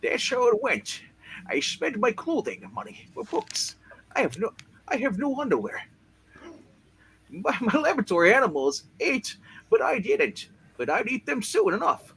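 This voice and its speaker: A man's voice: very high-pitched, huge pitch swings, normal speed, vocal fry, fairly bright tone, exaggerated voice. A man voicing a brash young male scientist, boastful and crude, swearing as he tells his story, with faint noise behind.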